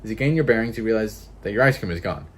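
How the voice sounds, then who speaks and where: A man's voice: on the low side, animated, racing, a bit bright, slight background noise. A man reading a narrative game aloud with casual, swearing commentary and laughing asides. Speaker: gameplay streamer.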